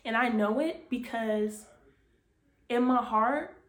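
Woman podcast host, slightly high voice, frank and profane, echoey room. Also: slow. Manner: blunt, frank, swears freely; earnest, repeats phrases for emphasis. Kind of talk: casual motivational talk. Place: indoors, speaking to camera.

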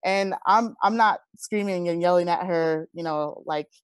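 A woman's voice: lowish voice, unhurried, clear, resonant tone, dry recording, clean studio sound. A woman in her thirties, a guest in an interview, telling personal stories in an earnest, heartfelt way. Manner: earnest, heartfelt, animated retelling. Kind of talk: personal storytelling in conversation.

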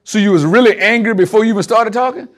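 A man's voice: sits high, quick pace. A man leading a small group in an informal, conversational sermon, asking them rhetorical questions and chuckling often.

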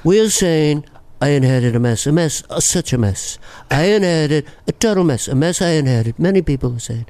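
A man's voice: a little high, lively intonation, a little fast, darkish tone, no room sound. A man doing an impression of a boastful older president who repeats himself over and over. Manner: repeats praise and phrases over and over. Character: boastful older male president, rambling and repetitive.

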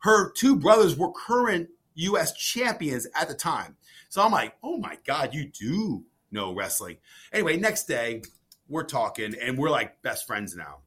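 A man being interviewed about his cookbook, telling stories in a rambling, excitable way with many restarts, and he sounds jet-lagged. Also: fairly high pitch, unhurried, slightly rough. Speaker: cookbook author guest. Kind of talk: casual podcast interview.

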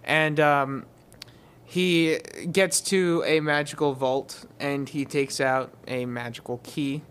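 A man's voice: a little high, steady tone, slow, fairly bright tone, slight background noise. Man running a tabletop game. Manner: loose, stumbling, laughs often. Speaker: game master.

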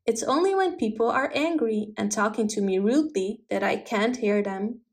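A gentle, quiet boy from the woods in a storybook, who speaks softly and plainly, with an earnest calm, voiced by a woman reading aloud. Her voice sits a little high for a woman's. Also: normal speed, natural voice.

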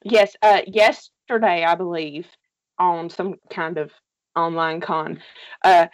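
A woman's voice: on the low side, steady tone, slow, no echo. A woman casually recapping a TV series with a co-host, telling it animatedly, swearing freely and laughing often. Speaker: podcast co-host.

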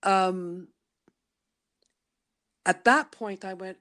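Speaking unhurriedly in a fairly low, darkish voice, a middle-aged woman from Canada shares her story as an interview guest. A studio founder who leads voice workshops, she keeps the talk conversational and voices her inner thoughts in playful asides.

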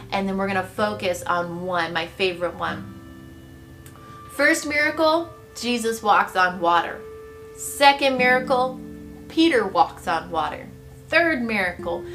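A woman hosting a devotional podcast, teaching a Bible passage in a conversational way and often checking in with her listeners. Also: medium pitch. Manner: animated storytelling, acts out the scene. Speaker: podcast host and pastor's wife.

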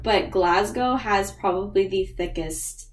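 A woman's voice: medium pitch, measured pace, a little hiss or hum. A woman co-hosting a casual podcast chat, giggly and chatty, explaining at length. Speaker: podcast co-host.

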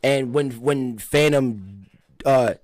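A man's voice: mid-range voice, takes it slowly, darkish tone, no echo. A man chatting casually, telling a long rambling story with lots of exclamations and laughter. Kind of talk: casual chat.

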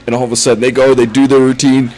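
Young man, former gymnastics coach, laughs often, animated storytelling, middle pitch. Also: very fast. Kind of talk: casual podcast chat.

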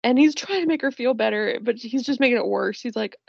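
Giggly, gravelly woman with a high voice. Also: brisk, no echo, lo-fi sound. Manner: giggly, quotes lines in character voices. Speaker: podcast co-host. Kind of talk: casual chat about a movie.

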